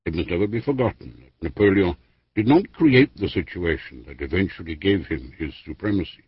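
A man reading a history book aloud as an audiobook narrator, in a measured, formal way with lively emphasis. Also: sits low, slightly rough, no room sound. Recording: dry, dull lo-fi studio recording.

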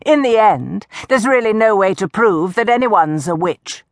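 A woman voicing a sharp-tongued young woman who talks back with defiant sarcasm. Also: mid-range voice, animated, a little slow, no echo, clean studio sound, voice pushed up. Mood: sarcastic.

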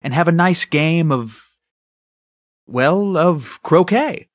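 A man's voice: on the high side, expressive, takes it slowly, no room sound, clean studio sound. Man doing a firm, teasing mother.

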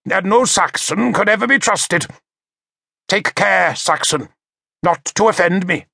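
Man doing a cruel jeering old bishop, shrill and high, sneering, dry close sound. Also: measured pace, gravelly, pushed and bright, dry recording, exaggerated voice. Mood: menacing. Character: spiteful scheming old male bishop, cackling and cruel.

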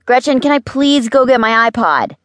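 A woman reading an audiobook, voicing a young boy who begs and wheedles in a high voice. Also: animated, normal speed, a bit bright, no echo. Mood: whiny pleading. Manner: wheedling and begging. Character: pleading, whiny young boy.

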